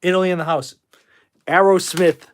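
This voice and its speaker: A man's voice: high voice, steady tone. A man hosting a live stream from his room at home, reading chat and answering bluntly with plenty of swearing. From Boston. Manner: blunt, profane, quick to dismiss with a laugh. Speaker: livestream host reading chat. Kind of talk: casual livestream chat.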